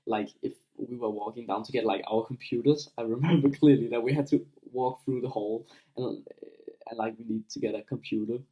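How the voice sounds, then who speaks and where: Here a young man's mid-range, steady, dark voice moves fairly quickly over poor audio. Profane and filler-heavy, he delivers a casual, unscripted advice monologue to viewers, blunt throughout and acting out small scenes.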